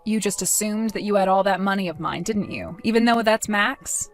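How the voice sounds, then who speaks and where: A woman speaks in a calm, cold and accusing tone as a wronged fiancée in a dramatized story. Her pitch sits in an ordinary middle range. Faint music plays behind her. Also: normal speed.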